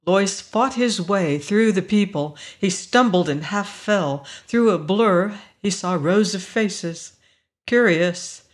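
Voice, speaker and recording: A narrator reading a short story aloud in a measured, even way. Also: mid-range voice. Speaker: audiobook narrator.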